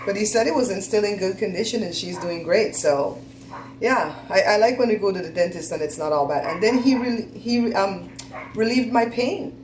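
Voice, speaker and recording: A woman's voice: mid-range voice, moderate pace, darkish tone, echoey room, a little hiss or hum, low-quality recording. A woman hosting a casual chat, telling stories in a chatty, laughing, folksy way. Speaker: host.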